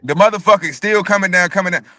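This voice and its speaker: A man telling a long story in casual chat, animated and profane, often repeating words. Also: high voice, fast talker, no room sound, clean studio sound. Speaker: podcast co-host telling a story.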